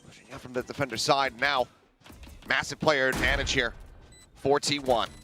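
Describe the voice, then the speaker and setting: Man calling esports play-by-play over game music. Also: medium pitch. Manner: rapid, rising to excited calls on big plays. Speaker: play-by-play caster. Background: game sound effects and music.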